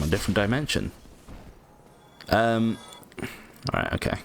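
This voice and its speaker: Man, very low voice, lively swoops, rambling game commentary, faint background hum. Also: moderate pace. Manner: rambling, lots of ums, casual swearing, self-mocking. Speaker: gaming channel host. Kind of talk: casual let's-play commentary.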